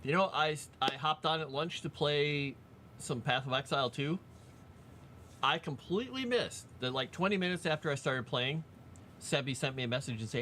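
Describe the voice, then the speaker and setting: Chatty man with a lively voice. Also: fairly high pitch, moderate pace, slight background noise. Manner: rambling and chatty, with many fillers and asides. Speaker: streamer. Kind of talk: casual live-stream chat.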